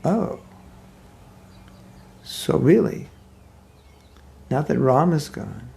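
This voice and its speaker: A man voicing a gentle young princess and wife, raising his voice into a pleading sing-song. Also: on the high side, expressive, very slow, vocal fry, heavily acted. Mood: accusing.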